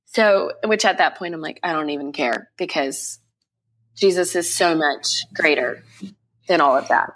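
A young woman with a low-set voice tells a personal testimony as a podcast guest. She talks with raw emotion and repeats phrases as she relives events. The delivery is an unscripted interview retelling. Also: unhurried, fairly bright tone.

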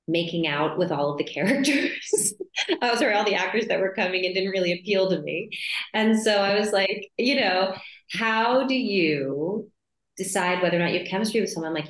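A woman actress chatting in a casual interview, telling animated stories and laughing easily. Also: on the low side, echoey room, low-quality recording. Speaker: actress guest.

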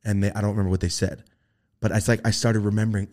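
A young man on a podcast telling a story in casual chat, swearing freely and acting out the voices he quotes. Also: fast. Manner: animated, swearing, acts out quoted voices in a high pitch. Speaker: podcast host.

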